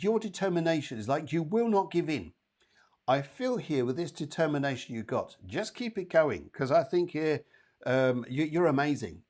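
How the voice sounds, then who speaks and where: A male psychic medium hosts a live show, giving readings to viewers. He talks in a chatty, upbeat way and calls people by name. His pitch sits in an ordinary middle range.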